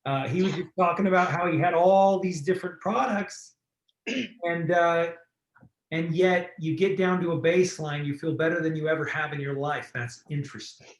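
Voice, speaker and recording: A man hosts a group call in an encouraging, enthusiastic way. His voice is somewhat high. It echoes around the room. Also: normal speed. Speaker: program host. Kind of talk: casual group call hosting.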